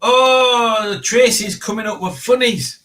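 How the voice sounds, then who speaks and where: A man's voice: high-pitched, slow pace, a bit bright. A man hosting a casual livestream, chatting and rambling to his viewers in a self-mocking way. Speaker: livestream host. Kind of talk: casual chat.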